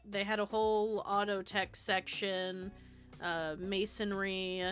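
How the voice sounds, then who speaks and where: Young woman streamer rambling to chat, bright voice, swears a lot, game music faint behind. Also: mid-range voice, little pitch movement, takes it slowly. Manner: rambling, self-deprecating, swears freely. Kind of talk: casual live-stream chat while building in a game.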